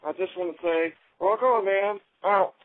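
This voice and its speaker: A man's voice: high-pitched, a little slow, a little hiss or hum. A man from Canada leaving a friendly voicemail for a show. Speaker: voicemail caller. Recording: tinny phone voicemail.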